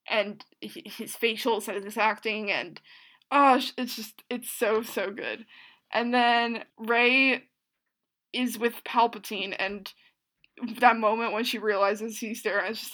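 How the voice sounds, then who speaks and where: Woman gushing nonstop, lots of like and restarts, bright tense voice, kinda high. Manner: gushing, rambling, full of "like" and restarts; excitable, swings into loud outbursts. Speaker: reaction show host. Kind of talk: casual film reaction monologue.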